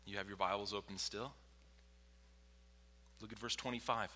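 Male pastor, sermon delivery; sharp bright tone, dramatic loud-to-whisper swings, long church reverb. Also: lowish voice, steady tone, normal speed. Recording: long reverb from a large hall.

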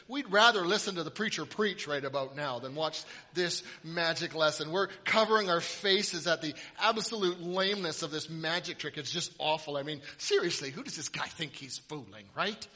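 A man's voice: on the high side, lively intonation, moderate pace, pushed and bright. A man preaching a sermon with humorous storytelling in a large hall. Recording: reverberant hall.

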